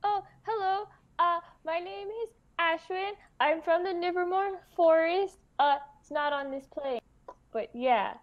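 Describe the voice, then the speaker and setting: A woman voicing an awkward young mouse folk adventurer, hesitant and halting. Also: extremely high pitch, dull audio.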